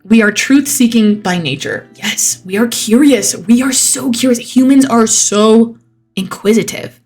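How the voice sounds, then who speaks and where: A young woman talking casually and earnestly to camera, answering viewer questions with lots of "like" fillers and easy laughs, with soft music behind her. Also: on the high side, measured pace. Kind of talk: casual reflective monologue.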